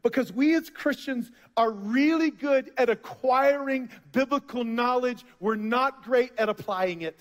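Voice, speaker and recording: A man's voice: very high voice, unhurried, hardly any pauses. A man in his thirties preaching a sermon, telling a family story in a conversational way with sudden bursts of emphasis. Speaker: pastor. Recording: long reverb of a large hall.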